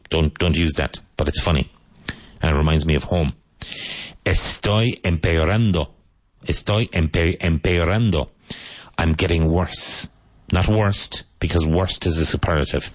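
A low-voiced man with a Cork Irish accent leads an English lesson for Spanish speakers. He repeats each model phrase slowly and deliberately. The recording is dry and close. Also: steady tone, dry recording. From Ireland (Cork). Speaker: English teacher.

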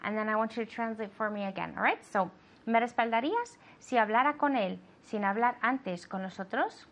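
A woman's voice: on the high side, lively intonation, brisk. A woman teaching English, giving sentences to translate and encouraging her student with frequent okays. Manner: patient, encouraging, says "okay" often. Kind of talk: bilingual language lesson.

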